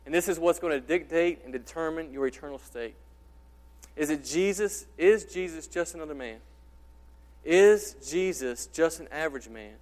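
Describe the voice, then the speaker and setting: A man pastor preaching an impassioned sermon, repeating rhetorical questions and swinging from loud to quiet. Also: on the high side, normal speed. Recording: reverberant hall.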